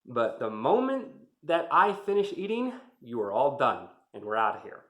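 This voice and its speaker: A man's voice: mid-range voice, very animated, normal speed, a bit bright. A man quoting a stern male drill sergeant who firmly lays out orders to recruits, in a roomy-sounding space. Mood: threatening. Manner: firm, laying out orders. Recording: roomy echo.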